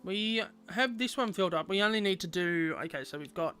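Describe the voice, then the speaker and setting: A man's voice: high-pitched, a little fast, sharp tone, clean tone, soft background music. A young man chatting playfully with viewers while streaming a game. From Australia. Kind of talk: casual gameplay livestream chat.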